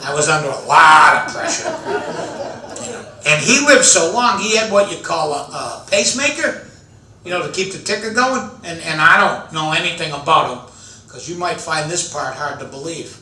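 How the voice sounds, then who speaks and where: Older man telling animated comic stories. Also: on the high side, moderate pace. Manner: animated anecdotes, building to excited shouting punchlines. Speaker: after-dinner speaker. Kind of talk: stand-up storytelling. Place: large event hall with an audience. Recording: echoey hall, mic at a distance, audience laughter.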